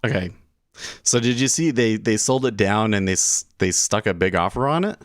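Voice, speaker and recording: A man's voice: fairly low pitch, animated, normal speed, no room sound, clean studio sound. A man hosting a day trading livestream, chatting casually and thinking aloud with frequent chuckles. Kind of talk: casual live trading commentary.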